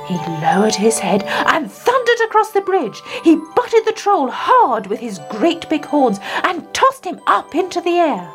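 A woman reads a children's story aloud in a fairly high, lively voice. She is expressive and builds with the story. Faint music plays behind her. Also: a little slow, hardly any pauses. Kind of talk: storybook reading.

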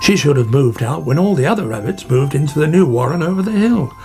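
A man voicing a chatty, worried male otter in a storybook, in close to his own gravelly voice. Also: on the high side, lively intonation, fast, over music. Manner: chatty and fretting.

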